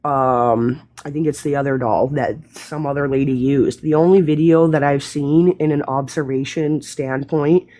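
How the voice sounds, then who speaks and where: A low-voiced woman chats casually on a live stream at a normal speed, with few pauses. She tells animated stories, swearing often and laughing a lot.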